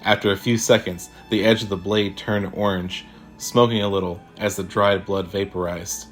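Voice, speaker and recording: A man reads a sci-fi horror story aloud in a measured, steady delivery. His voice sits low, and soft music plays faintly underneath. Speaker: narrator. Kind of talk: scripted horror story narration.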